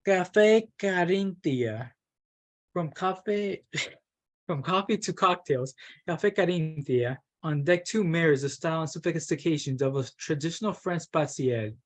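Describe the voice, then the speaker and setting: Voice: mid-range voice, normal speed. A workshop participant reads a travel brochure aloud, stumbling now and then and breaking off for self-mocking asides.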